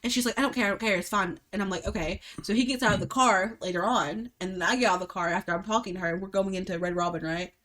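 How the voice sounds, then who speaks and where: A woman's voice: mid-range voice, fast talker, hardly any pauses, slight background noise. A woman from Alabama with a thick Southern accent, co-hosting a podcast in casual chat and telling stories with frequent laughter and swearing. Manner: laughs often, swears, animated storytelling. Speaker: podcast co-host.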